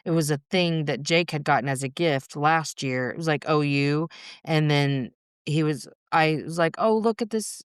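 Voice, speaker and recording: A woman's voice: deep voice, steady tone, moderate pace, smooth, dry recording, studio quality. A middle-aged woman talking as a podcast guest, telling her story frankly, swearing freely and laughing through hard moments. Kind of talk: candid conversational storytelling.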